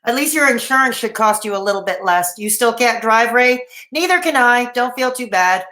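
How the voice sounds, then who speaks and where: A woman's voice: a little high, normal speed, sharp tone. A woman in her thirties from Canada hosting a rambling, casual late-night livestream, reading out and answering the live chat. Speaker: livestream host. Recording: echoey room.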